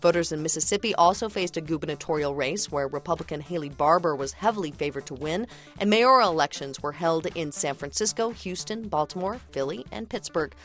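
Radio newsreader, woman, lowish register, steady formal delivery. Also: brisk, soft background music. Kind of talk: radio news reading.

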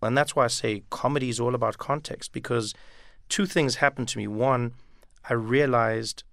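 A man's voice: mid-range voice, steady tone, normal speed, creaky, fairly bright tone, no echo, clean studio sound. A man from Africa, talking thoughtfully as an interview guest and repeating words as he thinks. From South Africa. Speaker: comedian guest. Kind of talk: reflective interview talk.

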